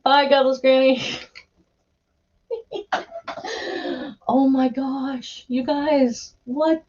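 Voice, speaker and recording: A woman's voice: high voice, steady tone, extremely slow, a little mellow. Chatty giggly woman on a lo-fi stream. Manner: chatty and giggly, rambling with restarts. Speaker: live stream host. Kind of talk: casual live-stream chat.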